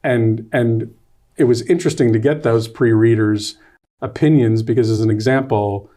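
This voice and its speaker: A man being interviewed as a guest author and playwright. He is a lively storyteller who rambles, backs up and restarts. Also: mid-range voice, moderate pace. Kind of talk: casual interview.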